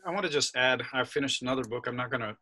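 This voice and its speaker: A man's voice: medium pitch, racing, bright, forceful tone. A man hosting a casual podcast interview, upbeat and jokey as he leads the talk. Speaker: podcast host.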